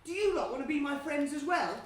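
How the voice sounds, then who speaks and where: A woman playing a silly young man in a stage pantomime, chummy and playful as she gets the audience shouting. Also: high-pitched, lively intonation, fast. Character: Bree, a silly, cheese-loving young man. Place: theatre stage. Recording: echoey theatre from far off, noisy.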